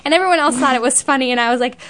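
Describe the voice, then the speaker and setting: A young woman tells a story in a chatty, animated way, her speech sprinkled with "like". Her voice sits a little on the high side. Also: rapid-fire. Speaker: interviewee. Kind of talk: casual interview storytelling.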